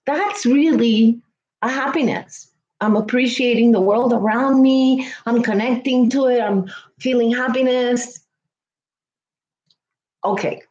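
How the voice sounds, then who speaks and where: A woman's voice: on the high side, slow, pauses often, darkish tone, echoey room, muffled recording. A woman schoolteacher chatting earnestly with her viewers, heartfelt and repeating herself for emphasis. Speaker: schoolteacher and vlogger. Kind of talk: casual livestream chat with viewers.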